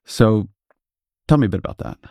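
A man hosting an interview, asking thoughtful, measured questions. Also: on the low side, lively intonation, vocal fry, mellow, no room sound, clean studio sound. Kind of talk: conversational interview.

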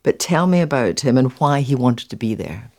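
Male interviewer, calm and direct. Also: medium pitch, moderate pace, vocal fry, no room sound, clean studio sound. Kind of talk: broadcast interview questions.

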